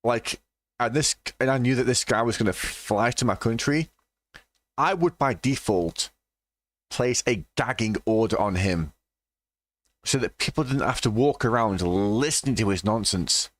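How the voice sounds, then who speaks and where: A man's voice: mid-range voice, unhurried, no room sound. A man giving sweary, mocking reaction commentary on a cheap microphone. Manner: sweary, mocking, laughs often. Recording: dry cheap home mic.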